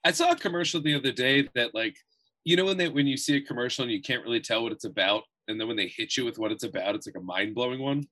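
A man's voice: mid-range voice, fast. A man co-hosting a casual podcast chat, telling jokey stories and swearing freely. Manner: animated, jokey storyteller who swears freely. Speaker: podcast co-host.

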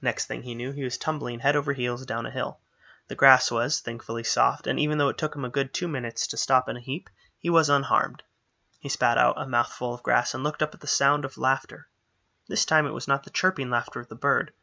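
Brief: male narrator, gravelly and bright, steady scripted fantasy reading, dull lo-fi recording. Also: medium pitch, fairly quick. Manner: steady storytelling delivery.

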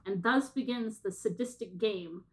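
A woman co-hosting a casual podcast, laughing often and reading show descriptions aloud with dramatic pauses. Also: medium pitch, poor audio. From American South. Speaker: podcast co-host.

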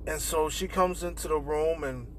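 A man's voice: fairly high pitch, normal speed, noisy background. Young man telling a profane story. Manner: profane, animated retelling with quoted dialogue. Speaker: podcast host. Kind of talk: casual storytelling. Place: in a car.

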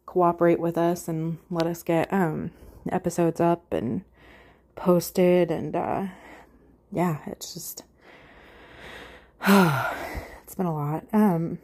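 A woman podcast co-host giving a halting, heartfelt update with many fillers, close to tears. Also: lowish voice, warm tone. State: emotional, holding back tears.

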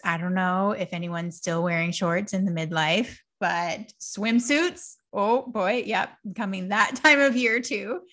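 A woman in her forties talks easily as a podcast host, her voice sitting at a middle pitch. She sounds reflective and open, with light laughter slipping into her speech. Faint music plays quietly behind her. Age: 40s. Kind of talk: casual podcast chat.

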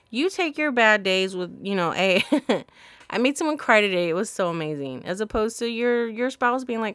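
A woman's voice: fairly high pitch, sing-song, normal speed, fairly bright tone, no room sound. A woman hosting a solo podcast, giving blunt, profane, sassy advice in a casual monologue. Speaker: podcast host.

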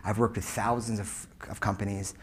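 A keynote speaker in his forties tells a customer service story emphatically, swinging between loud punches and hushed asides. His voice is on the low side and husky, with fairly even intonation at a normal speed.

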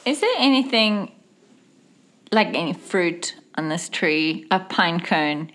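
A woman's voice: fairly low pitch, expressive, slow, fairly bright tone. A woman with a cold playing in a tabletop game, giggly and mischievous. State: has a cold. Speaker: player.

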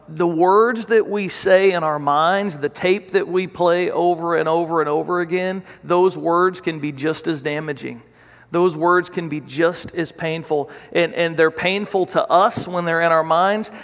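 A man's voice: a little high, vocal fry, a bit bright. A man preaching a sermon as pastor, earnest and repetitive, restarting his phrases as he goes. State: choked up with emotion. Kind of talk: sermon with prayer. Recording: long hall reverb.

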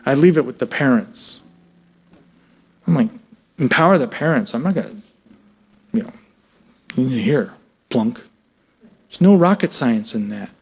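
A man who works as a music therapist, presenting a workshop to a live audience in an animated, joking way, often asking the audience questions. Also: medium pitch, measured pace, vocal fry, pauses often, slightly rough. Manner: animated and joking, breaks into sung snippets; asks the audience frequent questions.

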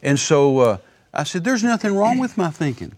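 A man's voice: fairly high pitch, very animated, moderate pace, darkish tone. A man in his sixties, a guest minister in a broadcast interview, telling stories in a folksy way and often repeating words.

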